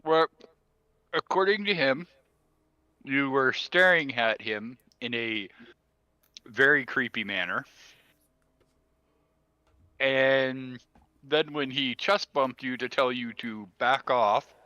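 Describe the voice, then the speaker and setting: Man, slow and deliberate, bright tense tone, dry dull lo-fi recording. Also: mid-range voice, clear, resonant tone, no echo. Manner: unhurried, describes his character's actions. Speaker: player. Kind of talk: tabletop game play.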